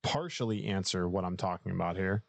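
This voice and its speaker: A man co-hosting a casual podcast in a relaxed, laughing way, easily sidetracked while he searches for things. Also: deep voice, a little fast, vocal fry, dry recording. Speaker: podcast co-host. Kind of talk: casual chat.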